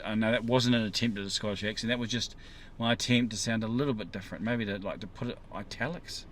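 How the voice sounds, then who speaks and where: A man's voice: on the low side, fairly even intonation, fairly quick, fairly bright tone, slight background noise. A man talking casually to his viewers from a parked car, musing in a rambling way and asking them questions. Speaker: vlogger. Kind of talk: casual monologue to camera.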